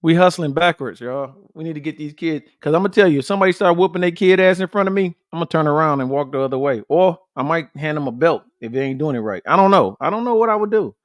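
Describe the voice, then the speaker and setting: A man hosting a casual podcast livestream, talking bluntly and with plenty of profanity. His voice sits a bit high for a man, and he keeps circling back to his points and calling out to the viewers. The sound is dry and close, with no room echo. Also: expressive, quick pace, hardly any pauses. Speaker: podcast host.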